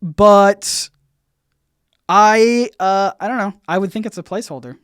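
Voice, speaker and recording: A man hosting a casual livestream Q&A, rambling and halting, full of fillers and restarts, with his volume bouncing up and down. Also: sits high, clear, resonant tone, no room sound, clean studio sound. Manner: swings in loudness, bouncy. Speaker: YouTube channel host.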